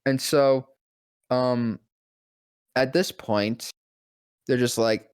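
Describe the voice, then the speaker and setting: A man, a guest voice actor, telling a story in casual podcast chat, profane and animated, often dropping into deep voices when quoting people. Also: very slow, clear, resonant tone, dry recording, clean studio sound.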